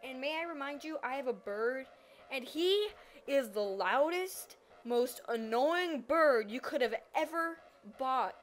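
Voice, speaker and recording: A teenage girl telling a personal story in a casual vlog, animated and dramatic, acting out her own reactions. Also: high voice, measured pace. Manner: animated, dramatic retelling with acted-out quotes.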